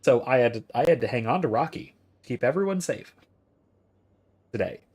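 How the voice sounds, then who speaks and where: A man's voice: mid-range voice, animated, fairly quick, darkish tone, slightly rough. A man in his thirties, a streamer talking through philosophy in a casual, rambling way as he thinks aloud and answers chat.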